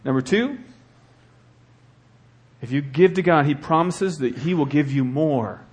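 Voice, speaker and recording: A middle-aged male pastor preaching a sermon with animated delivery and acted asides. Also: fairly high pitch, unhurried, slightly rough.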